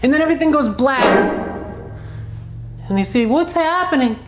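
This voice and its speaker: A woman's voice: sits high, lively intonation, moderate pace, reverberant, faint music behind. A woman telling an improvised children's story in a clown persona, rambling and playful with asides.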